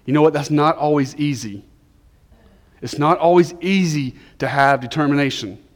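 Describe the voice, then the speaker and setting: A man in his forties preaching a sermon as pastor, moving between loud emphatic lines and hushed, near-whispered prayer. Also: a little high, normal speed, big-room sound. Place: church sanctuary.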